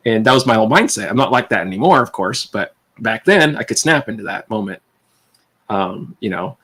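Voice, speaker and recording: A man on a livestream casually telling a personal story, rambling and animated, with restarts and tangents. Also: lowish voice, fast talker, breathy edge.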